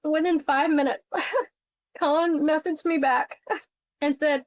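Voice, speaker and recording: A woman's voice: sits high, steady tone, takes it slowly, no echo, poor audio. A woman guest who investigates insurance fraud, telling her story bluntly and emotionally on a podcast interview. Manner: blunt, emotional, swears freely.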